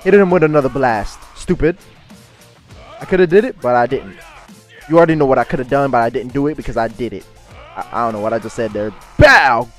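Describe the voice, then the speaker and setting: A young man giving excitable gameplay commentary and trash-talking his opponent. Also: medium pitch, a little fast, soft background music. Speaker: gaming YouTuber.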